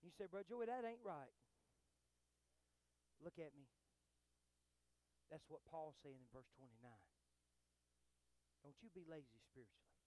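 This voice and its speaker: A man, a pastor preaching a sermon, moving between quiet storytelling and loud, fervent exhortation. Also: fairly high pitch, unhurried, long pauses.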